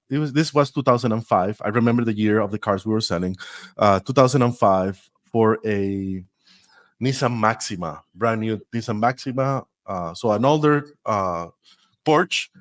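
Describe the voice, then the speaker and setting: Speaking English with the accent of his native Costa Rican Spanish, a man in his forties tells stories as a podcast guest. His mid-range voice is lively, broken by laughter and frequent restarts, in a dry recording of this storytelling interview.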